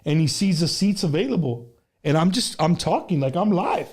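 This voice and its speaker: A man hosting a casual live interview show, with a notably high voice. He jokes around, laughs often and tells playful stories. Faint noise sits under the recording. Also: animated, moderate pace. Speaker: show host.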